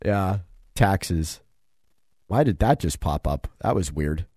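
A man's voice: low voice, animated, slow pace, a little mellow, no room sound, studio quality. A man hosting a talk radio show, rambling casually with lots of fillers and chuckles. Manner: chatty, digressive, many fillers and chuckles. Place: radio studio.

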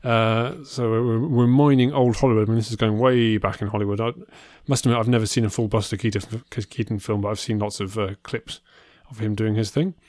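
A man's voice: on the low side, steady tone, fairly quick, hardly any pauses, darkish tone, no room sound. Dry-voiced man chatting about films. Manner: dry, hesitant, full of uh and restarts. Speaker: podcast co-host. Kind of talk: casual film news chat.

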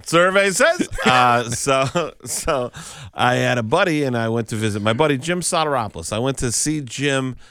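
A man, a comedian guest on a morning radio show, telling a story in a lively way, laughing often and acting out the voices of the people in it. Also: medium pitch, normal speed, clear, resonant tone. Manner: animated, laughing, acts out voices in his stories.

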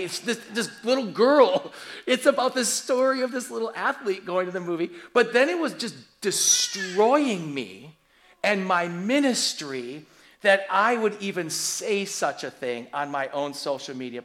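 A man in his forties preaching a sermon, telling stories in an animated, humorous way. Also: high voice. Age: 40s. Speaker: pastor.

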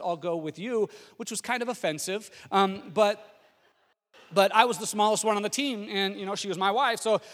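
A middle-aged man preaching a sermon, telling a personal story in a lively way with frequent restarts. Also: sits high, big-room sound. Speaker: pastor.

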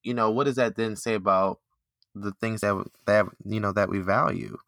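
Man, bright tense tone, dry close sound, animated casual storyteller. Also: fairly low pitch, normal speed, creaky, no room sound. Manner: animated storytelling, many fillers. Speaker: podcast co-host, former teacher. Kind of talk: casual chat.

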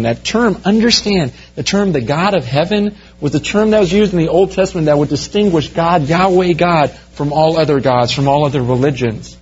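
A man preaching a sermon verse by verse, growing animated as he pictures the scene for his listeners. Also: a little high, a little fast, hardly any pauses, husky, muffled recording. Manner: animated, rising to excited storytelling. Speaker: pastor.

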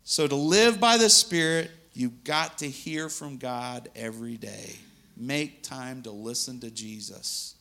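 A man's voice: mid-range voice, unhurried, gravelly, bright, forceful tone, slight background noise. A man preaching a sermon in an earnest, conversational way, laughing now and then between points.

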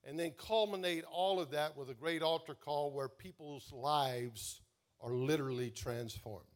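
A man preaching a sermon as pastor, calling on the congregation to respond and swelling loud on key words before dropping soft. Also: a little high. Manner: slow, drawn-out emphasis.

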